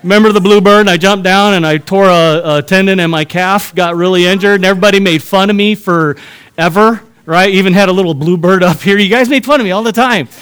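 High-voiced man preaching with humor. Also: a little fast, fairly bright tone, smooth. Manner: storytelling with humor, addressing the congregation. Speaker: pastor. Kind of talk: sermon.

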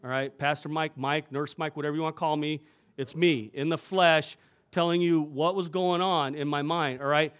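High-voiced male pastor preaching. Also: fairly even intonation, normal speed, fairly bright tone, clear, resonant tone. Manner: conversational, often checks in with the congregation. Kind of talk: sermon with personal story. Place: church before a congregation.

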